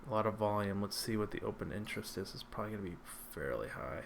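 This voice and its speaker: A man's voice: fairly low pitch, expressive, fast talker, vocal fry, background noise. A man hosting a livestream, chatting casually and answering viewer questions, hesitant with many ums and restarts. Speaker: stock trading livestream host.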